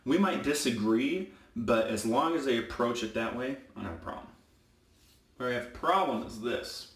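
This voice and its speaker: This medium-pitched man is a football referee who talks briskly and casually while shaving, working himself up into an emphatic rant. He's captured from a distance in an echoey room.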